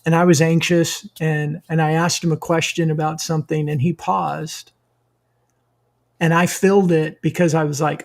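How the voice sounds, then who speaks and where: A man co-hosting a podcast, with a gravelly, fry-edged voice set a little high. He tells a personal story in a thoughtful, reflective way. His tone is casual and conversational. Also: level tone, moderate pace. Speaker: podcast co-host.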